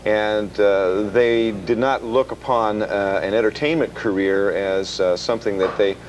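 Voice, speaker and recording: A man hosting a TV shopping show, pitching items and interviewing a guest, with many uhs. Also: steady tone, unhurried, a little hiss or hum. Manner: smooth salesy, fills with uh. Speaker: TV shopping host. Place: TV shopping studio.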